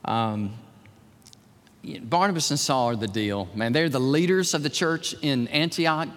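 A man preaching a sermon as pastor of a church, animated and swinging from hushed tones to near shouts. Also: medium pitch, measured pace. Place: large church hall. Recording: long hall reverb.

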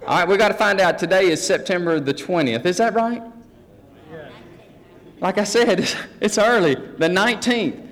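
Male pastor, folksy teaching sermon, a bit high, echoing sanctuary. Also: unhurried, pauses often, a bit bright. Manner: folksy, joking with the congregation. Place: church sanctuary. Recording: long hall reverb.

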